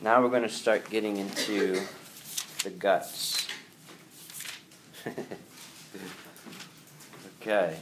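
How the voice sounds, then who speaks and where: A man's voice: on the low side, extremely slow, pauses often, background noise. A man teaching a Catholic Bible class to a room of students, talking in a conversational way with rhetorical questions.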